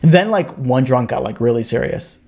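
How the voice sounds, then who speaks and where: A man teaching a casual Torah class as a rabbi, animated and talking through many quoted voices with frequent fillers. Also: mid-range voice, normal speed, gravelly.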